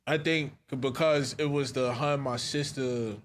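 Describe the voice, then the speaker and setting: A man's voice: medium pitch, steady tone, moderate pace, slight background noise. A man with a New York accent co-hosting a podcast, telling stories in a laid-back, casual way. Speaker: podcast co-host. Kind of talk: casual chat.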